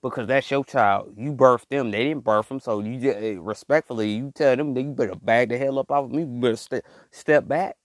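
A man's voice: medium pitch, brisk, hardly any pauses, dry recording. Emphatic man giving a dry-voiced pep talk. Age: adult father. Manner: repetitive, emphatic, conversational slang. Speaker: podcast host. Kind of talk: motivational monologue.

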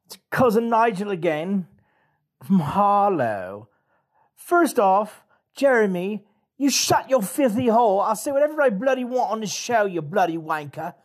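A man's voice: high-pitched, sing-song, measured pace, heavily acted. A man putting on a brash swearing English caller. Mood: cheeky taunting. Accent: put-on English. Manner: brash, swearing, mock-threatening. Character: crude cockney-style British cousin caller, brash and cheeky. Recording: voice message.

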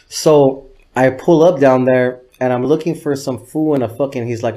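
A man's voice: medium pitch, brisk, warm tone. A man telling loose, profane anecdotes as an interview guest. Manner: profane, loose, rambling anecdotes with quoted dialogue. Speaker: guest, videographer. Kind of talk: casual interview storytelling.

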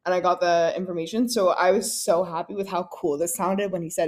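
A woman's voice: fairly low pitch, steady tone, brisk, a little mellow. A woman co-hosting a podcast, telling stories in casual chat with lots of "like" and acting out quoted lines. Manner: storytelling with lots of "like" and laughter; acts out quoted lines in dialogue. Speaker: podcast co-host.

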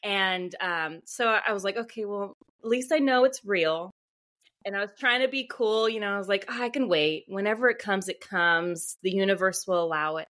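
A woman author, a podcast guest, telling a story in a chatty, animated way with lots of fillers. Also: mid-range voice, moderate pace. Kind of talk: casual podcast interview storytelling.

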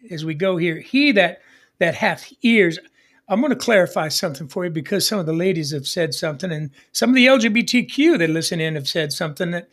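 A man's voice: high voice, fairly bright tone. A man preaching an emphatic broadcast sermon as pastor, repeating phrases and calling for the audience to say them back. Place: broadcast studio.

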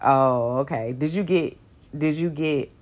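Woman w a low voice teaching bible stuff super casual, lots of likes and ums. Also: measured pace. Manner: chatty and playful, many fillers, acts out voices.

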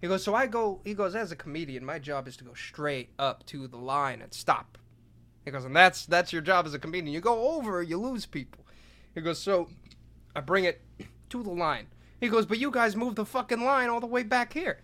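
A man co-hosting a podcast, retelling comedy bits in a loud, animated way and swearing a lot. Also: a little high, moderate pace. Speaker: podcast co-host.

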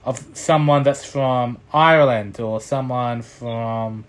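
A man's voice: medium pitch, slow. A man hosting a casual chat in a laid-back, encouraging way.

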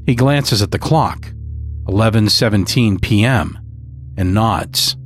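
A man narrating a dark story in a measured, scripted storytelling manner. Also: on the low side, faint music behind.

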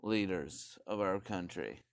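A man's voice: low voice, slow, vocal fry, smooth, no room sound, studio quality. A man, ranting casually in a rambling, profane way full of fillers and restarts. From Canada. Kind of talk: casual rant.

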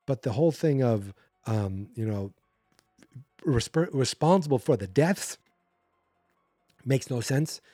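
Male podcast host, dry close mic, mellow dark tone, sarcastic rambling recap. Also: mid-range voice, expressive, takes it slowly, long pauses, dry recording, soft background music. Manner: sarcastic, rambling, acts out character quotes. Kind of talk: casual movie recap.

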